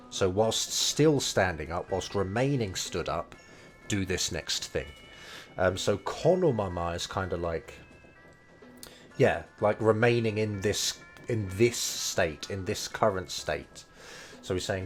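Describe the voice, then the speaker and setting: Man, unhurried low voice, hedging explainer tone over soft music. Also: expressive. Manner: thinks aloud, hedging, many fillers. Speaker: language learning streamer. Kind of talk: casual explanation of game dialogue.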